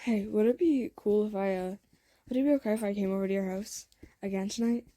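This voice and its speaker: A woman's voice: mid-range voice, dark tone, no room sound, lightly acted. A young woman voicing a nonchalant thirteen-year-old boy who asks things hesitantly, in a fan-made audio story. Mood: shy. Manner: hesitant, halting.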